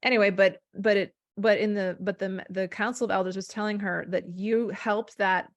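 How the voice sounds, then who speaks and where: A woman guest, a hypnotherapist, telling spiritual stories in a rambling, animated conversational way. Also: medium pitch, normal speed. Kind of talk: casual conversation.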